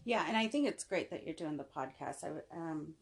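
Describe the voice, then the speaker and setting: Low-voiced woman chatting casually. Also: animated, a little fast, vocal fry. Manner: rambling, many restarts and "you know". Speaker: podcast guest. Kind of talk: casual chat.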